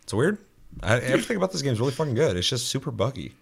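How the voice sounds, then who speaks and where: A man in casual chat, loose and profane, rambling with lots of fillers and quick mimicked asides. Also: medium pitch, big pitch swings, vocal fry, breathy edge.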